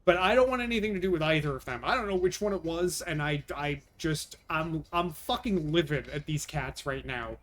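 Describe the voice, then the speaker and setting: A man's voice: a little high, a little fast, hardly any pauses, a bit bright, a little hiss or hum. A young man streaming live, chatting with viewers and venting in an exasperated, profane way. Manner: exasperated, swearing, answering chat. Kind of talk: casual live-stream chat.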